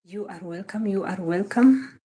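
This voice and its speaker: A young Kenyan woman chats casually on a live stream in her Kenyan accent, greeting viewers by name, repeating phrases and sometimes mixing Swahili into her English. Her medium-pitched voice is mellow and slightly rough, at a moderate pace.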